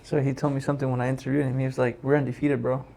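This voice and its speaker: A man hosting a podcast interview, talking in a quick, rambling, encouraging way. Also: medium pitch, little pitch movement, vocal fry, warm tone. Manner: quick, rambling, encouraging, fills with "like" and "you know". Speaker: podcast host. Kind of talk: casual interview chat.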